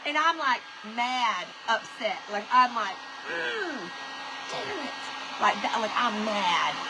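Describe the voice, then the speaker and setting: A woman's voice: fairly high pitch, expressive, unhurried, background noise. A woman telling a story during a live stream, greeting viewers by name as she chats. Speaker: livestream host. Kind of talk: casual storytelling while reading live comments.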